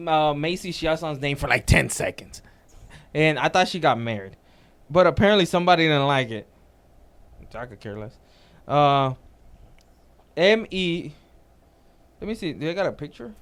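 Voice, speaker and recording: A man co-hosting a casual podcast, telling an animated story and reading comments aloud. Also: fairly high pitch, normal speed, pauses often. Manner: animated storytelling, reads out comments, laughs a lot. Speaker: podcast co-host.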